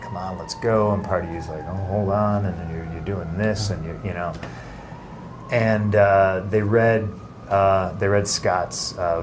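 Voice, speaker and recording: A man telling a heartfelt personal story as an interview guest, halting and repeating himself when moved. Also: deep voice, slight background noise. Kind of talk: emotional storytelling.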